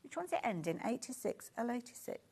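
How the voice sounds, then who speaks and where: A woman's voice: a little high, big pitch swings, a little fast, vocal fry, a little mellow, a little hiss or hum. Chatty Brummie woman selling fabric. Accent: Birmingham English. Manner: chatty, gushing, easily sidetracked. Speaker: shopping channel presenter. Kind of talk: live sales presentation. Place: TV studio.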